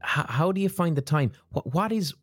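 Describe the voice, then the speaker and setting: A man's voice: on the high side, animated, normal speed, husky, dry recording. A man hosting a podcast and asking his guest probing questions, with a mid-range voice. His voice is recorded dry and close. Faint music plays underneath. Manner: engaged, asks probing questions, agrees often. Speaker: podcast host. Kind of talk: casual interview chat.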